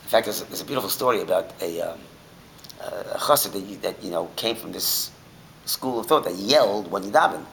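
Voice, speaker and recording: A man teaching a Torah class, telling stories in an animated way that swings from shouting to a near whisper. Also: low voice, brisk, vocal fry, a little hiss or hum, poor audio.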